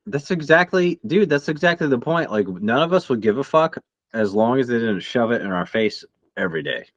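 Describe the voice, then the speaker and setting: A man's voice: mid-range voice, expressive, brisk, no echo. American male co-host, earnest and reflective, dry muffled sound. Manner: earnest, philosophizing. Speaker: podcast co-host. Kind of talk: casual chat.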